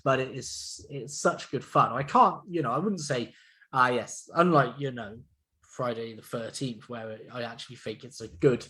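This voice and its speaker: Male podcast co-host, mid-pitched, loose and chatty, laughs easily. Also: fairly bright tone, poor audio. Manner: rambling, laughs often, many fillers. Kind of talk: casual film chat.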